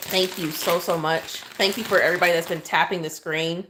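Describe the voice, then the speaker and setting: Casual woman cake decorator, slightly low voice, phone livestream, apologetic and chatty. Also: fairly even intonation, fairly quick, background noise. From Oklahoma, US. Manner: chatty, apologetic, reading out viewer comments. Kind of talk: live stream chat while decorating.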